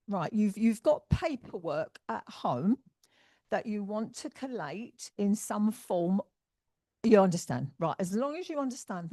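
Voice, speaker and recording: An English woman medium passing on spirit messages to a congregation. She talks in a chatty, affectionate way, calling people darling and my lovely, in a middle-pitched voice. The sound is close and dry. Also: a little mellow, no echo. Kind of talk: giving spirit messages at a service. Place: spiritualist church service.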